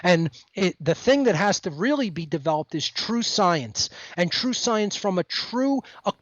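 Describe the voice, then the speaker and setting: A man's voice: high voice, animated, a little slow, a bit bright, dry recording, lo-fi sound. A man as the guest on a podcast, talking in an emphatic, lecturing way over a remote call. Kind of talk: podcast conversation.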